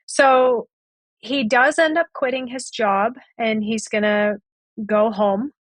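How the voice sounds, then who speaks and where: A woman's voice: a little high, fairly even intonation, takes it slowly, dry recording. A woman guest on a podcast, retelling a past relationship and acting out both sides of the conversations. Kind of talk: storytelling in a podcast interview.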